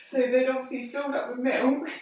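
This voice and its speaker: A woman's voice: high voice, moderate pace. Woman ranting in an echoey room. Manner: expressive, ranting storyteller. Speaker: podcast co-host, mother. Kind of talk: casual chat. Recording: echoey room, mic far off.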